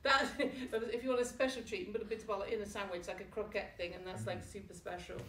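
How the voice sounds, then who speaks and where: A woman's voice: medium pitch, steady tone, fast, a bit bright, a little hiss or hum. A British woman with a British accent giving a comic, self-mocking talk to a live audience, laughing often. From Britain. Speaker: book launch speaker. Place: room with a small live audience. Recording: echoey room from far off.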